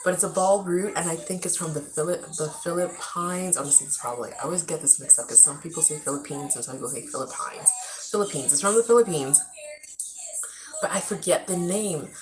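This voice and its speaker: A woman's voice: lowish voice, brisk, a crowd in the background, rough recording. A young woman from Africa, chatting casually and rambling on a live stream from her home. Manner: chatty, rambling, animated storytelling.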